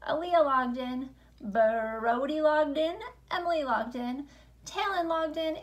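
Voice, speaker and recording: A woman teaching a remote lesson to young children, upbeat and sing-song, speaking slowly and clearly. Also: high-pitched. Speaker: elementary school teacher.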